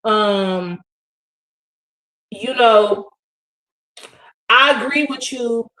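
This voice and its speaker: A woman's voice: fairly high pitch, extremely slow, sharp tone. A woman co-hosting a livestream, chatting loosely and directly to her viewers. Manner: loose, talky, addresses the audience directly. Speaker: livestream co-host. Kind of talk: casual chat to viewers. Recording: roomy echo.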